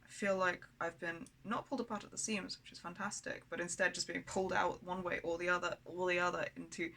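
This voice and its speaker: A woman's voice: fairly low pitch, little pitch movement, fast talker, creaky, fairly bright tone, poor audio. A woman talking candidly in a personal video diary, blunt and rambling, with frequent swearing. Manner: rambling, with many fillers and restarts. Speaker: vlogger.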